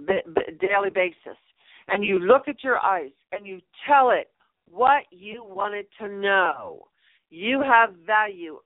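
On her radio advice program, this middle-aged numerologist and host talks at a medium pitch, offering uplifting guidance with strong emphasis and affectionate words for her audience. She returns to key phrases again and again, and the recording is dry with a thin, telephone-style quality.

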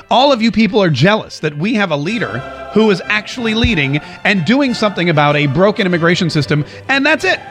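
A man's voice: high voice, a bit bright. A man hosting a casual political commentary show from home, reading out viewer comments with sarcastic, rambling asides. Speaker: show host.

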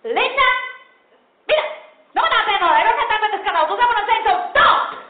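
An excitable Puerto Rican mother with a strong Puerto Rican accent fires off advice and scolding, mixing Spanish into her English, as a woman plays her. Her voice is high and sharp. The recording is tinny and echoey. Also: heavy background noise. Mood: shouting. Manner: fast mix of Spanish and English, shouting.

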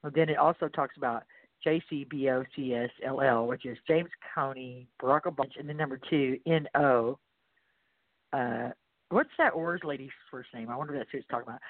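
A man with a Texan accent hosting a radio show, reading posts aloud in a rambling, halting way. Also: medium pitch, dry recording. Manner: rambling, halting with many fillers. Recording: tinny phone-like line, dry.

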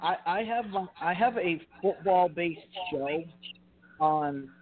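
A man's voice: high voice, lively intonation, slow pace. A man who hosts a football show, joining a casual live talk show, amused and mock-protesting. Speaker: guest host of a football show. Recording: tinny phone-like audio.

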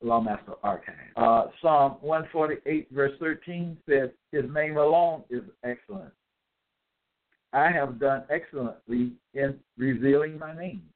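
A man delivering a scripture-citing monologue, reading out verse references and pausing to ask "okay?" as he goes. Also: mid-range voice. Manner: deliberate, checks in with "okay?"; spells out capitals, hesitant fillers. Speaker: self-styled religious teacher. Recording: tinny phone-like audio.

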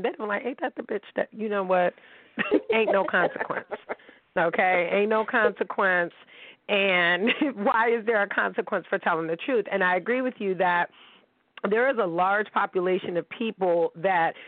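A woman's voice: medium pitch, no room sound. A woman hosting a call-in show, talking bluntly and animatedly, with a lot of swearing. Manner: blunt, profane, animated storytelling. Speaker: podcast host. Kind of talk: casual call-in chat. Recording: tinny phone-line sound.

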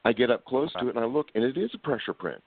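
A man from Pennsylvania, a guest researcher, telling an animated story on a call-in show and acting out the people he quotes. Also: medium pitch, racing, creaky, no echo. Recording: tinny phone line, dry.

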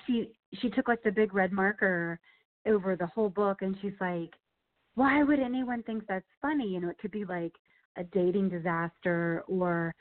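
A woman guest on a narrow, phone-like line, telling funny stories with plenty of "you know" and "like". Her voice sits at an ordinary pitch and keeps a lively, chatty pace. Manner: animated storyteller, many fillers like "you know" and "like". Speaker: author and guest. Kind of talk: casual interview chat.

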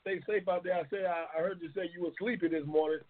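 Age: adult. Sex: male. Role: talk show host. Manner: slangy, rambling, repetitive. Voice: husky. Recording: phone-like. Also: high voice, steady tone, quick pace. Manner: loose, slangy, rambling, repeats himself. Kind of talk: casual live-stream chat. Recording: tinny phone-like line.

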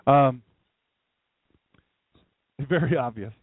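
A man's voice: fairly high pitch, big pitch swings, moderate pace, no room sound. A man from downstate Delaware preaching a livestream sermon as pastor, folksy and conversational, with rambling asides. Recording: dry, tinny phone-like sound.

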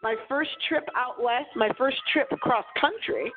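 A woman's voice: high voice, moderate pace, soft background music. A woman in her forties hosting a paranormal radio show, speaking into a small microphone with a dramatic storytelling delivery. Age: 40s. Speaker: radio host. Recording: tinny phone-like audio.

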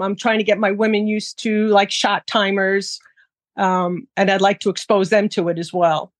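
A woman's voice: mid-range voice, no room sound. A woman firearms instructor chatting in an interview, with a mid-range voice. She talks freely, with many fillers. The sound is dry and close. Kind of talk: casual interview.

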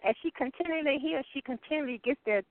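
Woman co-host. Encouraging, fairly high-pitched. Dry phone-line sound. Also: fast talker, no echo. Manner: encouraging, many affirming murmurs. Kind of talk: casual chat.

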